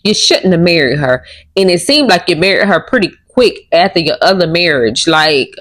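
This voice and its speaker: Sex: woman. Role: co-host. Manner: blunt, sarcastic. Pitch: fairly low. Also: lively intonation, normal speed, fairly bright tone. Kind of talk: reaction commentary.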